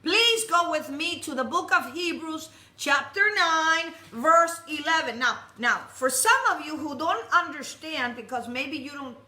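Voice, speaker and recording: High, forceful woman preaching. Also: a little slow, few pauses. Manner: forceful, commanding, calls out to the congregation. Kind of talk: sermon. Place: messianic temple. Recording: echoey room.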